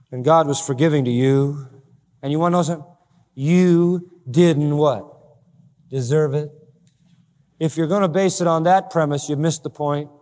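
Guy preaching a sermon, high voice, gets loud then goes quiet, big echoey church hall. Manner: emphatic, swings between loud high bursts and low quiet asides. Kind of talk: expository sermon.

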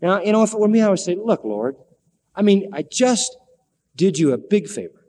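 Animated preacher man in a reverberant hall. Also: high-pitched. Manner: animated storytelling, acting out pleading quotes. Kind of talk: sermon.

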